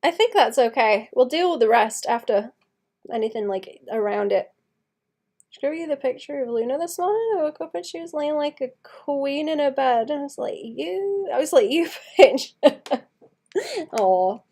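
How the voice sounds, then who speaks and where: A woman's voice: sits high, expressive, normal speed, darkish tone. A young woman with a light Welsh accent, chatting casually and rambling as she draws on a live stream, laughing often. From Wales. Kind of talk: casual livestream chat while drawing.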